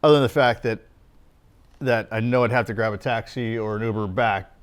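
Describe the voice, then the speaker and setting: A man's voice: medium pitch, steady tone, a little fast, clean tone. A man telling casual, rambling golf anecdotes with many fillers and laughs. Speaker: golfer and guest. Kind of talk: casual storytelling chat.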